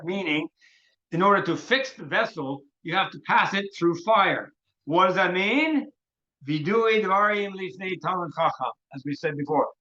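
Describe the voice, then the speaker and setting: A male rabbi with a high, bright voice retells a Talmudic story in an animated lecture. He restarts his phrases often and drops in Hebrew terms as he goes. The recording sounds dull and lo-fi. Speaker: rabbi teaching a workshop.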